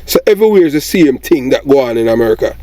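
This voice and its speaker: Jamaican man with a dark voice. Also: mid-range voice, animated, fast, dry recording. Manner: rambling, repeats "you understand?". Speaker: commentator. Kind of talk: casual commentary monologue.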